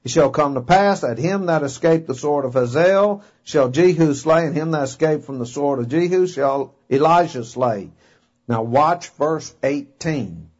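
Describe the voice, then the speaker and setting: A man's voice: fairly high pitch, lively intonation, a little slow, a little mellow, husky. A man preaching a sermon in a folksy, emphatic way, reading scripture and acting out voices. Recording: dull lo-fi recording.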